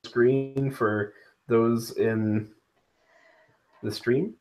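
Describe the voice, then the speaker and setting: A woman's voice: rumbling low, steady tone, very slow, a crowd in the background. A woman co-hosting a casual livestream chat, dry and teasing while she handles technical problems. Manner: dry, teasing, busy with tech. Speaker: co-host.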